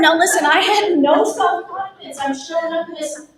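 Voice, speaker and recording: A middle-aged woman with a Texan accent giving a lively, emphatic motivational talk, speaking directly to the audience. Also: extremely high pitch, normal speed. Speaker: speaker at a real estate event. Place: event room. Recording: very echoey room, voice from far off.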